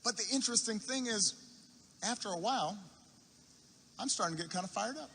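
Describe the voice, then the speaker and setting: Man, rally speaker, high bright tone, storytelling with deliberate repetition, long arena reverb. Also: expressive, slight background noise. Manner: unhurried anecdote with repetition for effect and halting restarts. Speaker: political speaker at a campaign rally. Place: large university arena.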